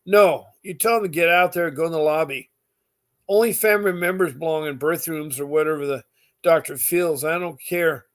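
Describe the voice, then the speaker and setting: A middle-aged man talking straight to his viewers, giving earnest, insistent advice that repeats its points, with many fillers. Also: a little high. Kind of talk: direct-to-camera advice talk.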